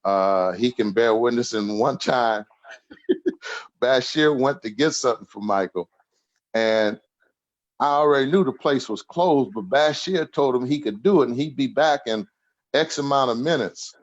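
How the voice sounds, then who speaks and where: A man's voice: medium pitch, unhurried. Older man in his sixties, easygoing joker and storyteller, slightly muffled sound. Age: 60s. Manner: humorous, laughs through his stories. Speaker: podcast guest. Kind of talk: casual storytelling interview.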